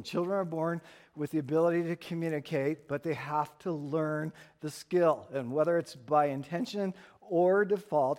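A middle-aged man preaching a sermon as pastor, animated and playful, acting out little scenes for humor. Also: on the high side. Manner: animated storyteller, acts out voices for humor.

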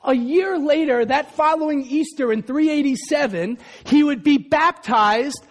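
A man with a strikingly high voice delivers a passionate sermon. He reads aloud from an old text and rises into shouts to drive his points home. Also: unhurried. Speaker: pastor.

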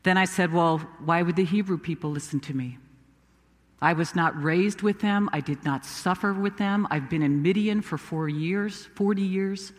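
A man's voice: sits high, long reverb tail. A man playing Moses, a humble, self-doubting Hebrew prophet, in a first-person dramatic sermon told with earnest, emphatic storytelling. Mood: incredulous. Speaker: preacher.

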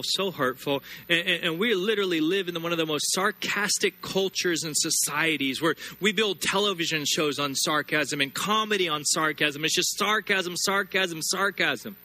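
A preacher with a high, bright, cutting voice delivers a sermon. He drives his points with repetition and stretches key phrases slowly for weight. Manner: emphatic, repeats words and builds phrases, slows sharply on scripture.

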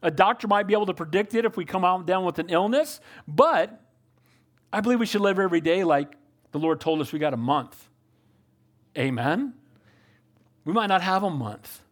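A man's voice: high-pitched, lively intonation, normal speed, pauses often. An older man preaching a sermon as pastor, earnest and calling out to the congregation for amens.

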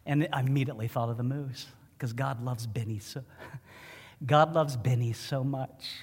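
A man preaching a sermon as pastor, telling a personal story in an emotional, animated way. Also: mid-range voice, moderate pace, slightly rough, in a large hall. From Ohio. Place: church.

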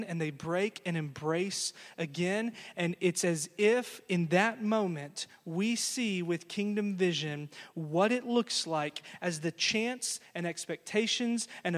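A man preaching a sermon, telling a story earnestly and closing with a quiet blessing. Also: high voice, long reverb tail. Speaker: pastor.

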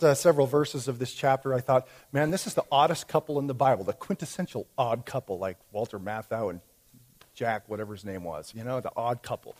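A man's voice: on the high side, darkish tone. A man preaching a sermon in a conversational way, with fillers and restarts as he explains a Bible story. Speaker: pastor.

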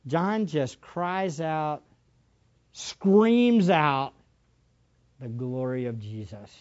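A middle-aged man preaching a sermon, shifting from quiet asides to fervent shouting. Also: a little high, animated, extremely slow, muffled recording. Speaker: pastor.

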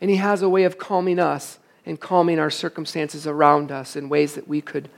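A man preaching a sermon to his congregation as their pastor, emphatic and quick to put rhetorical questions to the room. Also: on the high side, little pitch movement, gravelly. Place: church service, also streamed online.

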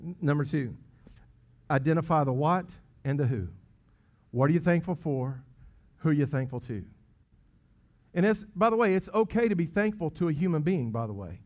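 Man, preaching, earnest, emphatic peaks, hushed asides, somewhat high, dull recording. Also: expressive, normal speed. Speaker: pastor. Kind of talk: sermon. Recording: dull lo-fi sound.

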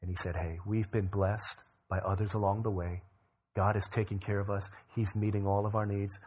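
A male pastor preaching, telling a story with rising bursts of energy and quiet low drops. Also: normal speed, breathy edge. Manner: energetic storyteller who rises in pitch and volume for emphasis, then drops low. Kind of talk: sermon storytelling.

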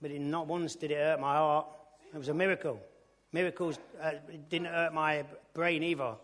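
A man preaching his testimony in a colloquial storytelling way, with bursts of loud enthusiasm. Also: a little high, level tone, moderate pace, big-room sound. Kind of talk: testimony sermon.

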